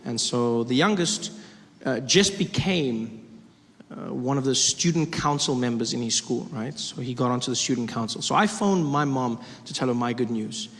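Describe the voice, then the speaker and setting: A man doing a stand-up comedy set, telling stories in a lively way. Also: mid-range voice, moderate pace. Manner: storytelling, lively. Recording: comedy club with loud crowd and hall echo.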